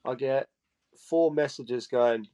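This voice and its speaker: A man's voice: medium pitch, slow pace, mellow. An upbeat young Geordie man, the guest on a casual chat podcast, rattles through stories with plenty of laughter and bits where he acts out what other people said. His voice sits in a middling register for a man. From England. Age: 20s.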